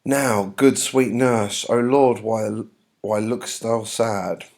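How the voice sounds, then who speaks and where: A man's voice: on the low side, steady tone, slow pace, a little mellow. A man reading the lines of an impatient young girl in love, pleading and insistent.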